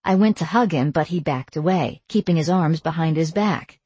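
Woman reading a chick-lit audiobook, lowish breathy voice, dead dry booth sound. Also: normal speed, darkish tone, dry recording. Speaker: audiobook narrator. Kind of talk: first-person audiobook narration.

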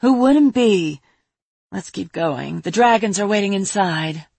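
A woman voicing a steady, brave young female mage who explains things matter-of-factly. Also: medium pitch, a little slow, gravelly, husky, dry recording, heavily acted.

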